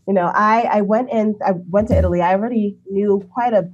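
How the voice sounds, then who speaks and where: A woman speaking as an interview guest, talking in an animated way and laughing often. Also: quick pace, lo-fi sound. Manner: animated, acts out quoted people with big pitch jumps, laughs often. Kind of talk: conversational interview.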